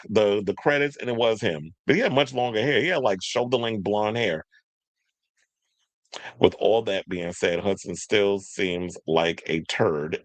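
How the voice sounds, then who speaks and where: A man with a fairly low voice hosts a loose commentary chat. He talks in an animated, joking way, slipping into mocking impressions. The sound is close and dry. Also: no room sound. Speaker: podcast host.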